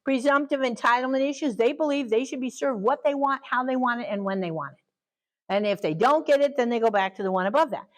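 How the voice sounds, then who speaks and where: An older woman leads a parenting training session in a relaxed, conversational way. She laughs easily and slips into quick acted-out quotes of children and parents to make her points. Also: high voice, low-quality recording. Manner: chatty, laughs often, acts out quotes. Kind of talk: casual teaching talk.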